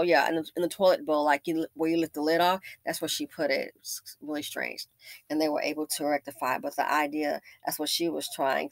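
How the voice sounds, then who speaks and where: A woman's voice: low-pitched, no room sound, studio quality. A woman host giving casual, opinionated commentary, telling a story with wry asides.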